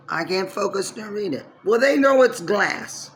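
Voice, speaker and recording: A man in his sixties talking to camera in a long rambling monologue, swinging from low mutters to loud outbursts, indoors in his apartment building. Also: moderate pace, hardly any pauses, slight background noise. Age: 60s. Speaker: vlogger.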